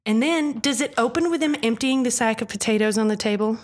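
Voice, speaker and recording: A woman's voice: fairly high pitch, brisk. Joking woman co-host trading quips. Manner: jokey, chimes in with quips and laughter. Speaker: podcast co-host. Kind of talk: casual chat.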